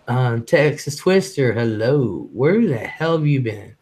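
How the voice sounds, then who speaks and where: Blunt, fast-talking man hosting a live stream. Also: medium pitch, very animated, a little mellow, husky. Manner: blunt, swears freely, reads chat aloud; talks fast. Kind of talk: casual live-stream chat.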